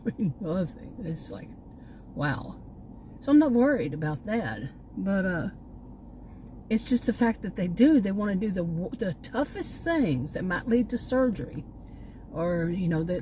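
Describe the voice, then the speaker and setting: A woman's voice: mid-range voice, warm tone, slight background noise, rough recording. An older woman rambling in a casual home vlog, cynical and often out of breath, with many restarts. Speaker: vlogger.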